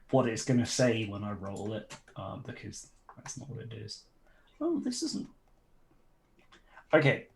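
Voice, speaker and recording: Slow, easygoing male game master. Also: medium pitch, low-quality recording. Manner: relaxed, explains rules with chuckles and fillers. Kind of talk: running an online tabletop game.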